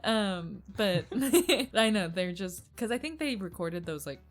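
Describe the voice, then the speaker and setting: A giggly woman co-hosting a casual podcast, laughing through her sentences. Her pitch swings up and down a lot, with faint music underneath. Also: animated, unhurried. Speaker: podcast co-host. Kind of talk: casual chat.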